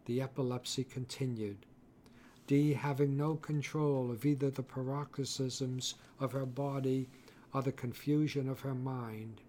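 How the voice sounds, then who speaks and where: Male audiobook narrator, mid-pitched, unhurried and deliberate, over faint music. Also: steady tone, mellow, a little hiss or hum. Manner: measured, deliberate delivery.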